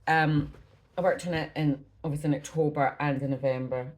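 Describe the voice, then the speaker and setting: Her low-pitched voice moves briskly with fairly even intonation, though the audio quality is poor. The Scottish cross-stitch vlogger rambles casually at home about her projects, a little out of breath and apologizing often.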